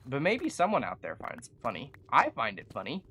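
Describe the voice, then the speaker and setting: A streamer talks through a building game in a loose, chatty live commentary, teasing themselves and the game along the way. The voice sits in a middle pitch and sounds close on a desk microphone. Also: wildly swooping pitch, brisk, bright, forceful tone, slight background noise. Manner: chatty, self-mocking and jokey. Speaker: gaming streamer. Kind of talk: casual live gameplay commentary.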